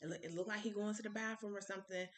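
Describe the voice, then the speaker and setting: Young woman vlogger from ohio, bright voice, animated storytelling, does all the voices. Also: mid-range voice, very fast. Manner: animated, acts out quoted voices. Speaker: vlogger, cupcake business owner. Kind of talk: casual storytelling.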